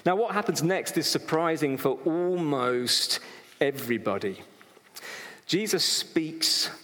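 A man preaching a sermon to a live congregation, conversational and lively, with humorous asides and acted-out quotes. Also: medium pitch. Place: hall with congregation. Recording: long reverb in a hall.

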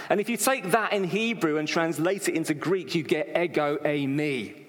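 A man delivers a sermon to a congregation in a hall where his voice rings with a long reverb. His voice sits a little high for a man. He keeps it conversational, breaking into jokes and small acted-out quotes. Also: normal speed, few pauses. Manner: lively and conversational, with humorous asides and acted-out quotes. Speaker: preacher.

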